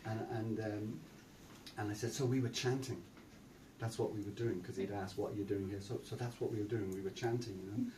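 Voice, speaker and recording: A man's voice: fairly low pitch, flat delivery, fairly quick, mellow, a little hiss or hum. An older Irish man giving a chatty storytelling talk at a temple, full of fillers and repeats. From Ireland. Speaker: preacher. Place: temple hall. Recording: roomy sound from a distant mic.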